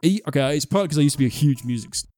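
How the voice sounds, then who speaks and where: A man's voice: on the high side, lively intonation, racing, darkish tone, dry recording, soft background music. A man from England co-hosting a podcast, rambling and laughing at himself in casual chat. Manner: rambling, self-mocking, laughs often. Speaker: podcast co-host.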